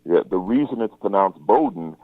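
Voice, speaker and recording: Man, comedian guest, wry joking chat, very low voice, dry muffled recording. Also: lively intonation, normal speed, no echo. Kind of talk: casual interview chat.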